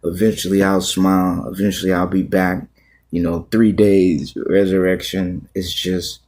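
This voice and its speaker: A man who is a pastor talking on a livestream, confessing in a halting, repetitive, raw way. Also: sits low, little pitch movement, darkish tone. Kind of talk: emotional confessional livestream talk.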